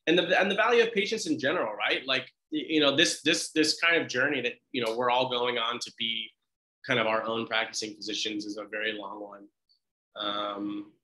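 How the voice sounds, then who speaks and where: Chatty young man, bright roomy video-call voice. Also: medium pitch. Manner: chatty, joking, encouraging, with many restarts. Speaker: medical resident speaking to students. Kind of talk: informal talk on a video call. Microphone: video call mic.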